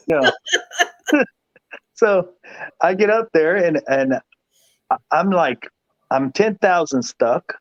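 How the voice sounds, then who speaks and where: A man's voice: high voice, lively intonation, slow, long pauses, no room sound, highs cut off. A man, a guest pool player, telling a long story in casual chat, rambling and repeating himself with laughs.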